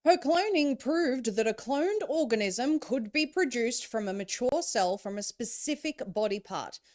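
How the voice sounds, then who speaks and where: A woman's voice: on the high side, animated, unhurried, a little mellow. A woman giving scripted, informative narration in an explanatory manner.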